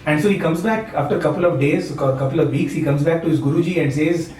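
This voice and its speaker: This Maharashtrian satsang speaker, who also teaches at a university in India, talks quickly in a fairly high, somewhat dark voice. His casual spiritual talk is peppered with chuckles and frequent checks of "right?" The sound is far from the mic, with room echo and a low hum.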